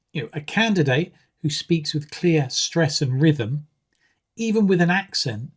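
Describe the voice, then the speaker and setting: A man teaching an exam-preparation lesson in a measured way, often pausing with um and uh. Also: on the high side, husky. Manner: measured, with frequent um and uh fillers. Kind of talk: explanatory video lesson.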